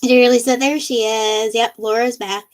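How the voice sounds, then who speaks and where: A woman's voice: on the high side, steady tone, moderate pace, low-quality recording. A woman hosting a casual livestream, reading viewer comments aloud and laughing often between them. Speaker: livestream host. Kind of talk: casual live-stream chat reading comments.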